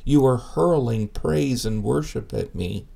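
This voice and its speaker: A man preaching a sermon, voicing Jesus as a gentle man pleading at a door to be let in. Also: medium pitch, a little slow, creaky. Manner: earnest, pleading.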